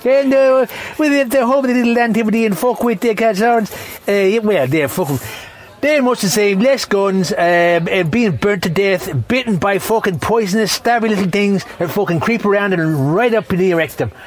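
A man's voice: sits high, normal speed. A middle-aged man with an Irish accent, delivering a rambling, profane comedic rant and sounding a little tipsy. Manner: rambling, constantly swearing, tipsy.

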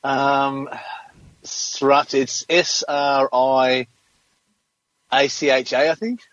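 A man's voice: medium pitch, fairly even intonation, slow pace, a bit bright, no echo, lo-fi sound. A man with an Australian accent co-hosting a podcast, laughing and hesitating often. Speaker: podcast co-host. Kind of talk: casual banter.

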